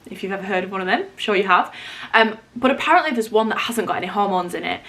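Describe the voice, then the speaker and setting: A woman's voice: mid-range voice, animated, fast, a bit bright. A young woman from England vlogging at home in the middle of a house move, chatty and confiding, with lots of fillers and self-interruptions. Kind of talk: casual chat to camera.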